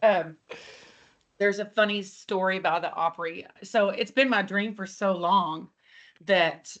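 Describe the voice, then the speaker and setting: Speaking at a medium pitch with an unhurried pace and a fairly bright tone, a female country singer from Texas recounts stories casually for an interview. She strolls around her house on a laptop video call, laughing, swearing, and acting out exchanges as she chats.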